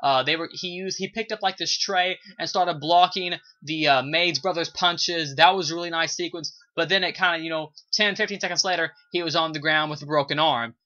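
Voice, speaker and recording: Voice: medium pitch, fairly quick, hardly any pauses, bright, forceful tone. A video reviewer talking casually about a TV episode, rambling with lots of fillers and gushing praise. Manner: rambling, heavy use of "you know" and "uh" fillers. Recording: dull lo-fi recording.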